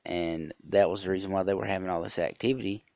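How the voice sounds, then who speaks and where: A man's voice: low-pitched, steady tone, fast, gravelly, darkish tone, dry recording. A man hosting a podcast, telling a rambling story with many fillers and restarts. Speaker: podcast host. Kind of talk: casual storytelling monologue.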